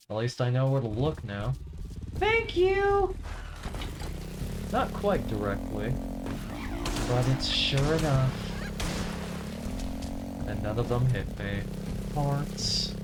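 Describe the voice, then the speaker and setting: A woman's voice: a bass voice, slow, long pauses, over loud music. A woman giving casual gameplay commentary as a streamer, swearing and making sarcastic asides between frustrated outbursts. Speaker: gaming streamer.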